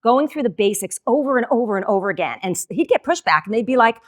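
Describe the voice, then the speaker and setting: A middle-aged woman giving a motivational keynote talk in a lively, conversational way, acting out the lines she quotes. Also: a little high, fast. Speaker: keynote speaker.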